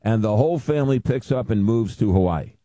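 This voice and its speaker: Mellow-voiced male interviewer, dry sound. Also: lowish voice, expressive, a little fast, no room sound. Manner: direct, summarizing questions. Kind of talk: interview questions.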